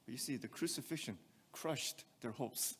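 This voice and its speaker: A man's voice: mid-range voice, moderate pace, in a large hall, slight background noise. A male pastor preaching a sermon, reading scripture aloud and asking rhetorical questions. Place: church sanctuary.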